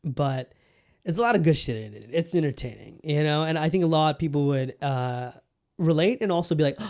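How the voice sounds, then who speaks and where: A man's voice: on the high side, a little fast, darkish tone. Laid-back rambling male podcast host. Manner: rambling and easygoing, casual swearing, many fillers. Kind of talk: casual solo podcast chat.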